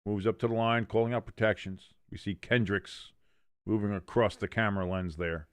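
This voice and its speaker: The audio is clean studio sound with no echo, carrying a man's fairly low, steady voice at a moderate pace. Hosting a live watch-along, he narrates the plays, reads the chat aloud, corrects himself, and jokes around.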